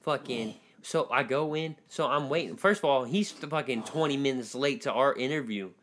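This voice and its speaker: A man's voice: medium pitch, moderate pace, fairly bright tone, a little hiss or hum. A young man telling a story in casual chat with friends, slangy and swearing.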